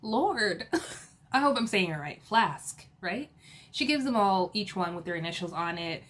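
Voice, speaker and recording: A woman's voice: on the low side, animated, a little fast, a bit bright. A woman recapping a reality TV episode in a casual, chatty way, with lots of laughs, fillers and playful asides.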